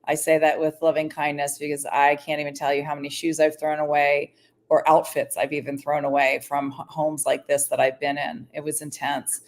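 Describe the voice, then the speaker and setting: A woman hosts a podcast in a very low voice. She speaks fluently and reflectively, often turning to address the audience. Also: little pitch movement, normal speed. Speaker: podcast host. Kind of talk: podcast conversation.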